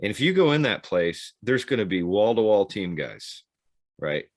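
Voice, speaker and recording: Brief: low male voice, very animated pitch, dry close sound, rambling storyteller podcast co-host. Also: normal speed, dry recording. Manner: rambling anecdotal storytelling with frequent restarts and laughs. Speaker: podcast co-host, former Navy SEAL. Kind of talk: casual storytelling chat.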